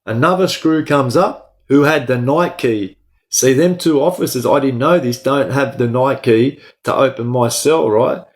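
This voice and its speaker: A man with an Australian accent tells a story in a conversational interview. He talks bluntly, swears a lot, and keeps tagging his sentences with a quick "right?". His pitch sits in the middle range. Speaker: guest recounting his time in prison.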